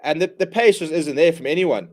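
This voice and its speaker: A man hosting a live rugby watchalong, calling the play in quick bursts and ranting in exasperation at his own side. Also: a little high, darkish tone. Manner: exasperated, ranting fan commentary. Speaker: watchalong host. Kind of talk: live match watchalong commentary.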